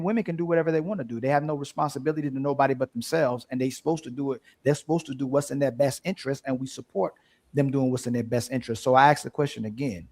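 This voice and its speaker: A man co-hosting a panel debate, emphatic and hammering a point by repeating the same phrase. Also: mid-range voice. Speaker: podcast panel host.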